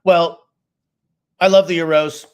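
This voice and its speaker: A middle-aged man from Boston talks sports on a casual podcast. His voice sits a bit high, and he gives opinionated, animated takes as a co-host. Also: takes it slowly, smooth.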